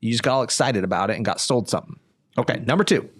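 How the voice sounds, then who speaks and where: A man's voice: medium pitch, rapid-fire, soft background music. A man who is a lawyer and podcast co-host, explaining things plainly in casual talk and laughing often.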